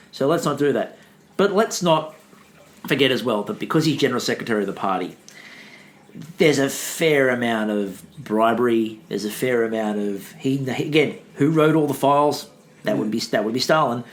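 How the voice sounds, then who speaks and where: A man co-hosting a history podcast, talking casually and acting out quotes in a lively way. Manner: animated, acts out quotes with big pitch jumps. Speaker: podcast co-host.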